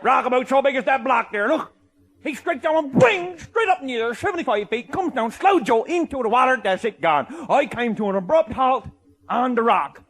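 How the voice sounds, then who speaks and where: A man with a Newfoundland accent telling a comic tall tale, boisterous, often shouting and laughing mid-sentence. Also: very high-pitched, lively intonation, moderate pace. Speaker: comic storyteller.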